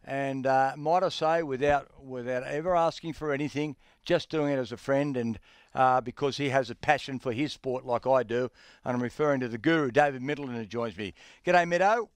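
Middle-aged man, Australian accent, radio sports host, halting speech, dry studio sound. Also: medium pitch, fairly even intonation, smooth, no room sound. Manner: warm, halting, full of fillers and restarts. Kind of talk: radio talk show.

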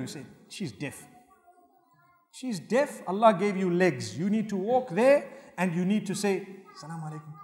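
A male Islamic preacher giving a sermon lecture, earnest and humorous, swinging between loud emphasis and soft asides. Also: sits high. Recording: long hall reverb.

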